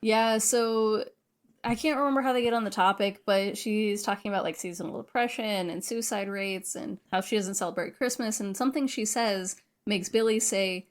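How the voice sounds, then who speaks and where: A woman co-hosting a podcast, retelling movie scenes in an animated, wry and profane casual chat. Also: mid-range voice, moderate pace. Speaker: podcast co-host.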